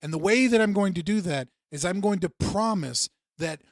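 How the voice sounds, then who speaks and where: Guy ranting on his stream, cussing a lot, a bit high voice, dead dry sound. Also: moderate pace, no echo. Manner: heated, sarcastic, swears often. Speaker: livestream host reacting to clips. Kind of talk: profane livestream commentary.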